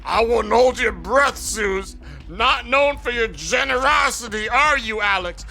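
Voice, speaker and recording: A man's voice: sits high, steady tone, slow, sharp tone, soft background music, exaggerated voice. Man doing a sneering, bitter drunk in-law.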